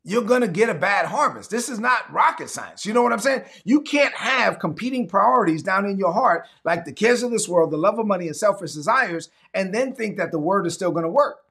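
Animated gravelly-voiced preacher man. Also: sits high, a little fast, few pauses. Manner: animated preaching, acts out people in quoted voices. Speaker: pastor. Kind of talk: sermon.

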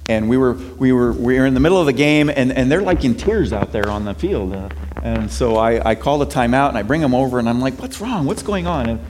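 A man's voice: mid-range voice, fairly quick, hardly any pauses, slight background noise. Man preaching in a reverberant hall. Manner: conversational preaching with frequent restarts and swings between soft and emphatic. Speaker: pastor. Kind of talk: sermon. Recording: long reverb of a large hall.

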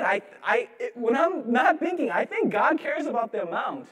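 High-voiced man preaching casually. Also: very animated, moderate pace, fairly bright tone. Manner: casual, humorous, heavy use of "like". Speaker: pastor. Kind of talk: conversational sermon.

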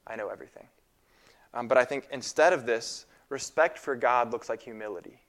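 A young man in his twenties preaching a sermon in a casual, halting way, with fillers and repeated phrases. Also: mid-range voice, fairly bright tone.

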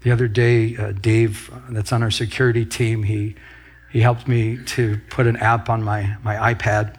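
A man's voice: on the low side, flat delivery, moderate pace, husky. A man preaching a sermon as pastor, telling a story with quoted asides and laughing along the way.

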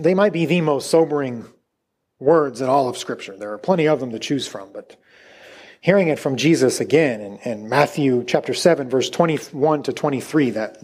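Brief: male pastor with a high voice, chatty sermon delivery full of asides. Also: darkish tone. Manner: conversational, with many restarts and asides.

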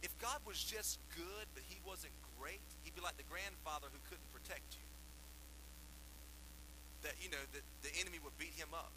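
A man, a lead pastor, preaching a sermon with emphatic bursts and quieter asides. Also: on the high side, moderate pace. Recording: poor audio with mains hum.

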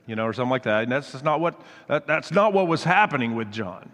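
A pastor with a medium-pitched, fairly bright and expressive voice preaches a sermon at a fast clip, earnestly exhorting his listeners and repeating phrases for emphasis before leading a prayer. The recording carries the long reverb of a large hall.

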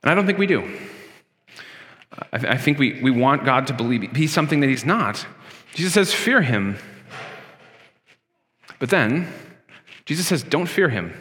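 Bright-voiced male pastor preaching in a reverberant hall. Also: medium pitch, animated, normal speed, long pauses, a little hiss or hum. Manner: conversational preaching, with frequent fillers and emphatic swings. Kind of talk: sermon. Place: church sanctuary.

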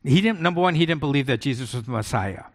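A man's voice: medium pitch, lively intonation, quick pace. A male pastor giving a sermon in a conversational way, often asking his listeners rhetorical questions. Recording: long hall echo.

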